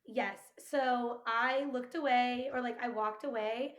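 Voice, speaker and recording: A woman chatting casually about a film on a podcast, telling her reactions in an animated, expressive way. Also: a little high, takes it slowly. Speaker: podcast panelist. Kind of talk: casual movie discussion. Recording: roomy echo.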